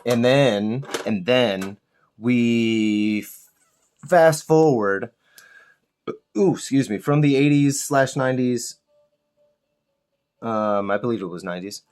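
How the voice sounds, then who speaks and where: A man hosting a miniature painting channel, chatting casually as he paints and ranting with lots of swearing and animated outbursts. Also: medium pitch, takes it slowly, pauses often. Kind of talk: casual chat while painting.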